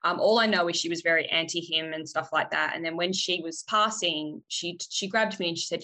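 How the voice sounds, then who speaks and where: Bright, animated woman. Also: on the low side, brisk, hardly any pauses, poor audio. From Australia. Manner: animated storyteller, laughs often, acts out voices. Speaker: podcast guest. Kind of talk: casual chat.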